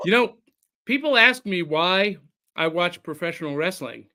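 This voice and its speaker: A man's voice: high voice, expressive, moderate pace, pushed and bright. A man hosting a podcast, chatting casually and reading listener comments aloud in a jokey way over a remote call. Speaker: podcast host.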